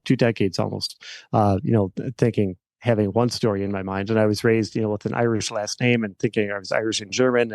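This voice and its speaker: A middle-aged man, an attorney and podcast guest, recounting a personal story in a halting way with many fillers and restarts. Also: lowish voice, a little mellow, dry recording.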